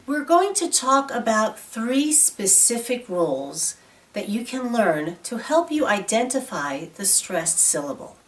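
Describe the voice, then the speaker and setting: A woman teaching pronunciation in a clear, deliberate scripted lesson, stretching out example words. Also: on the high side.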